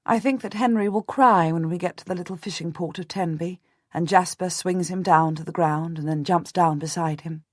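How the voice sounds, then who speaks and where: Female audiobook narrator, measured and restrained delivery, low register, dry studio sound. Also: dry recording. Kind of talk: first-person audiobook narration.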